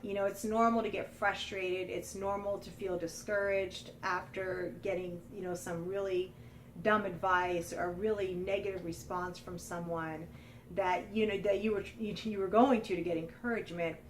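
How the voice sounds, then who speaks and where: A woman's voice: medium pitch, normal speed, distant mic, a little hiss or hum, low-quality recording. Candid woman vlogger telling stories. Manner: candid, animated, mimics others in quotes. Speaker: lifestyle vlogger. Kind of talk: casual storytelling monologue.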